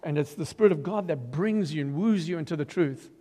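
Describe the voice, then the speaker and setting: An older man tells his story from the pulpit, animated and theatrical, acting out the voices of the people in it and rising into loud bursts of emphasis. His voice sits on the higher side. The sound rings with the long reverb of a large hall. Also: brisk. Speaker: preacher giving his testimony. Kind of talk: testimony sermon.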